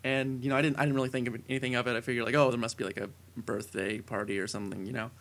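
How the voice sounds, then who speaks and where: A young man co-hosting a casual podcast, telling a long story with many fillers that builds to excited shouting. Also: mid-range voice, very fast. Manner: rambling tall tale, building to excited shouting. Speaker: podcast co-host.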